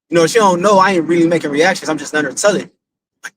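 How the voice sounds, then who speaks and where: A man's voice: on the high side, rapid-fire, noisy background. A man, a father, telling a religious testimony in a casual, rambling, slangy way, repeating himself as he goes. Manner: rambling, repetitive, slangy storytelling.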